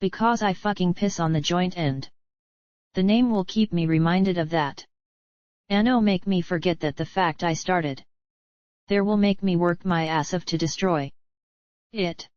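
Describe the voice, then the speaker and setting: A woman voicing a cruel, crude mayor who taunts a captive, in a slow screenplay reading. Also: lowish voice, a little mellow, dry recording, close to an everyday voice. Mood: taunting. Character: cruel scheming mayor, mocking captor. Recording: dull lo-fi dry recording.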